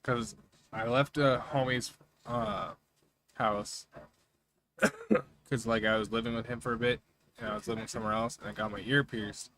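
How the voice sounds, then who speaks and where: A man's voice: medium pitch, steady tone, normal speed, pauses often, a bit bright. A man in casual podcast chat, laid-back and slangy, telling a short story of his own. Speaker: podcast co-host.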